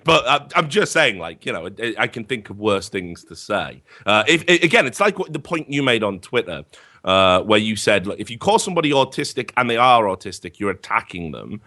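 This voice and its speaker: Man telling animated, profane stories. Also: fairly low pitch, fairly quick. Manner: sarcastic asides. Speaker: podcast guest. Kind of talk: casual podcast chat.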